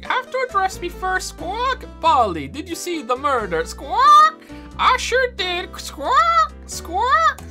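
A man's voice: extremely high pitch, huge pitch swings, takes it slowly, pushed and bright, faint music behind, pitched above the performer's own voice, full character voice. A man voicing a male parrot witness that screeches squawks between its words. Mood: shrill. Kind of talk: voicing game characters on a stream.

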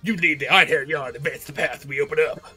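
A brisk war commander barking orders in a put-on southern drawl, as a gamer reads his lines aloud. The voice is husky and bright, with faint game music playing underneath. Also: on the high side, heavily acted. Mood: commanding. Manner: reading game dialogue aloud in a voice.

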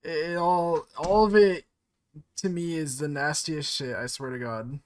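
A young adult co-hosting a podcast in casual chat, crude and excitable. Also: mid-range voice, a little slow, no room sound, clean studio sound. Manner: crude, excitable, laughs often.

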